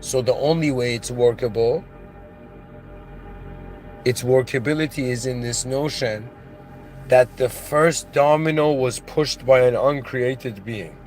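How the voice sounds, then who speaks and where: A man's voice: mid-range voice, measured pace, long pauses, darkish tone, soft background music. A man giving a philosophical monologue, earnest and growing emotional as he talks. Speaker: channel host.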